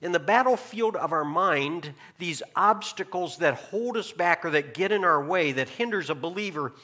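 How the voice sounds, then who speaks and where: Pastor guy preaching, kinda high bright voice, asks the crowd stuff then gets real quiet. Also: lively intonation, moderate pace. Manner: preaching with rhetorical questions and sudden drops to a hushed tone. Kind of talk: sermon. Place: church sanctuary.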